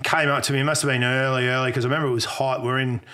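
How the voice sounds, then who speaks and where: Bright-voiced Australian man in his fifties. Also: medium pitch, very fast. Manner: relaxed storyteller, reminiscing. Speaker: podcast guest. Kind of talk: casual chat.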